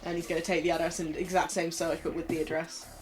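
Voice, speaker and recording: A woman's voice: lowish voice, little pitch movement, fast talker, soft background music. A woman player at a tabletop game, switching between describing her character and joking exasperation. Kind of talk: tabletop role-play, in and out of character.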